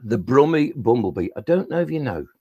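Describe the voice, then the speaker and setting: Playful Midlands poet reading to kids. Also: male voice, medium pitch, sing-song, a little fast, darkish tone, husky, highs cut off. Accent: Midlands English. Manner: playful rhyming recitation and chatty asides to children. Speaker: children's poet. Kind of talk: live-streamed poetry reading for schoolchildren.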